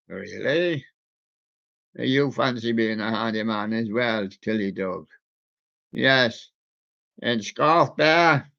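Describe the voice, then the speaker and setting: A man hosting a casual radio show, chatting playfully with the soft toys in his studio. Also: medium pitch, slow pace, vocal fry, long pauses. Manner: chatty, playful, talks to soft toys and does their voices. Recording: dull lo-fi sound.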